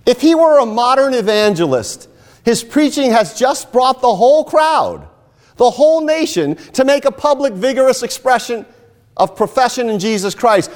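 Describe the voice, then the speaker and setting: A man preaching a sermon, telling stories and rising into emphatic, animated lines. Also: very high-pitched, unhurried. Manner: animated storytelling with emphatic rises. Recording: long hall reverb.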